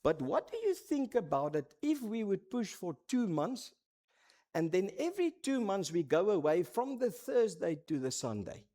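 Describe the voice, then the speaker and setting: A middle-aged man with a Namibian accent preaching a sermon as a pastor, telling stories that swing between dramatic highs and hushed lows. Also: sing-song, normal speed.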